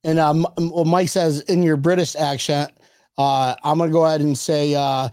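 A young man co-hosting a fan podcast in casual chat, excitable and joking, laughing often. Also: fairly high pitch, normal speed, no room sound, studio quality. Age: young adult. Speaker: podcast co-host.

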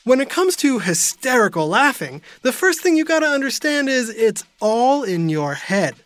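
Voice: mid-range voice, very animated, moderate pace, fairly bright tone, no echo, faint music behind. A host of a kids' science show, explaining things in a friendly way and talking straight to the listener.

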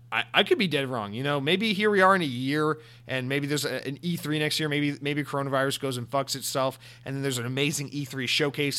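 A young man hosting a casual opinion podcast, rambling and swearing as he talks. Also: on the high side. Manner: rambling, profane, animated. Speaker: podcast host.

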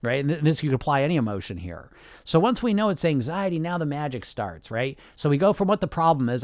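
Blunt, sarcastic man, slightly high voice. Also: big pitch swings, brisk, a little mellow, dry recording, clean studio sound. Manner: blunt, sarcastic, swears freely. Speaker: weight loss coach and podcast host. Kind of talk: casual podcast monologue.

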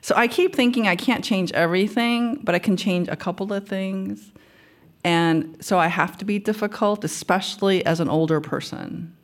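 A woman's voice: medium pitch, normal speed. A woman in her fifties from Queens by way of Seoul, the guest author in a live stage conversation, speaking candidly and laughing often. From Queens, New York, by way of Seoul. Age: 50s. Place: stage before a live audience.

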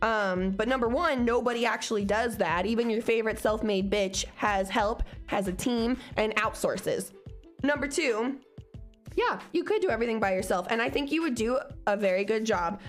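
A woman's voice: fairly high pitch, moderate pace, faint music behind. A young woman co-hosting a podcast, chatting casually in a loose, profane, confident pep-talk manner. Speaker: podcast co-host. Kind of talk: casual chat.

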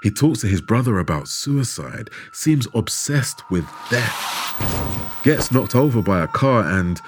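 A man telling a true story in measured, dramatic scripted narration, with rhetorical questions. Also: fairly low pitch, animated, background noise. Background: background music.

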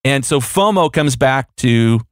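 A man's voice: medium pitch, expressive, unhurried, clear, resonant tone, no room sound, studio quality. A man co-hosting a podcast in casual chat, jokey and fond of acting out little voices. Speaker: podcast co-host.

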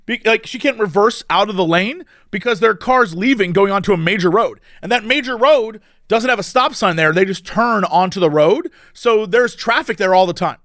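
A man's voice: high voice, lively intonation, moderate pace, hardly any pauses, a bit bright, no room sound, studio quality. A man telling a story in casual chat, laughing often and acting out the people in it.

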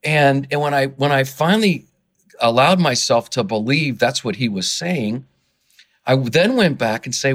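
A man, an author and guest on a podcast interview, who gets excited and worked up as he talks, often restarting his sentences. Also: mid-range voice, unhurried.

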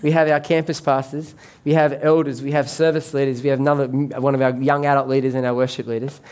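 A man's voice: mid-range voice, little pitch movement, fast talker, darkish tone. A man preaching a sermon as pastor, conversational and joking with the congregation.

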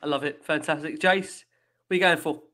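A man hosting a live football fan show, upbeat with quick affirmations. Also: a little high, steady tone, pushed and bright.

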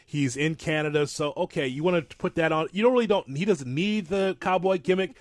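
A man co-hosting a casual wrestling talk show, rambling and self-deprecating, with animated asides. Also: a little high, moderate pace. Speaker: podcast co-host.

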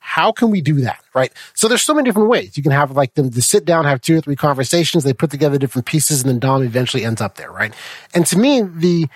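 A man hosting a podcast, chatting casually about a film, animated, restarting his sentences and tagging them with "right?". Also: fairly high pitch, fast, no echo. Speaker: podcast host. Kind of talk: casual film review chat.

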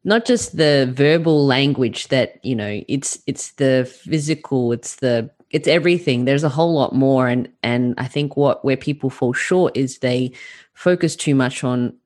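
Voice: medium pitch, measured pace, a little mellow. Thoughtful, affirming podcast host with a mid-range voice, guiding the conversation. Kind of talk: conversational interview.

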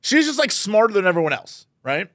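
A man co-hosting a casual podcast, ranting in an animated way and jumping into quoted voices. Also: high voice, a little fast, no room sound, studio quality. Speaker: podcast co-host.

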